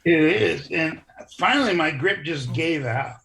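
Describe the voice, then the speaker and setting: A man telling stories in a casual interview, animated and acting out other people's lines. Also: a little high, a little slow, creaky. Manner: animated storyteller who acts out quoted voices. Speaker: interview guest, former wrestler.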